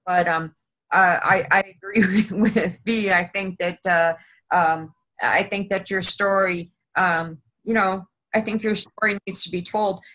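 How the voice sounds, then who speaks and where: A woman hosting an interview, talking hesitantly with many pauses and restarts. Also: mid-range voice, fairly even intonation, fairly bright tone, poor audio. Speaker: host. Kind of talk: casual interview.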